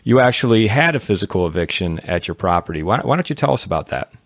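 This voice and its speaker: Low-voiced male podcast host. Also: expressive, fast talker, creaky, no room sound, clean studio sound. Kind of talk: interview hosting.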